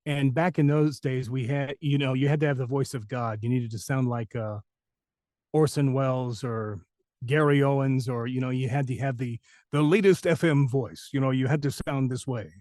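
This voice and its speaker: A man's voice: mid-range voice, steady tone, normal speed, darkish tone, no room sound, studio quality. A man, a voice actor, chatting in an interview, rambling through stories and laughing often. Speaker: voice actor guest. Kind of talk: casual interview chat.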